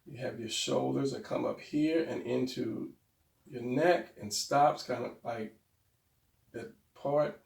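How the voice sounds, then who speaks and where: A man's voice: mid-range voice, takes it slowly, creaky, darkish tone. A man teaching anatomy drawing in a casual, rambling way, thinking aloud as he sketches. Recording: roomy, mic far from speaker.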